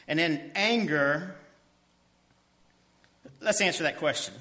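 Bright-voiced male preacher, soft on key points. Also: on the high side, animated, measured pace, pauses often. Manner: reads verses aloud, then asks the listeners questions and answers them himself. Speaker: pastor. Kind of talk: expository sermon.

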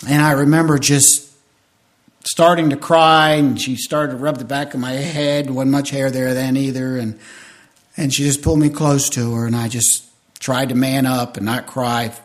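A pastor in his fifties preaching a sermon, telling a personal story with strong feeling and swinging between loud bursts and hushed, intimate moments. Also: mid-range voice, steady tone, moderate pace. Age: 50s.

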